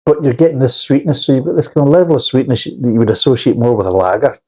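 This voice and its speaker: Man, beer reviewer, blunt and sweary, rambling, mellow dark tone, husky. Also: mid-range voice, lively intonation, quick pace, poor audio. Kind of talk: casual spoken review.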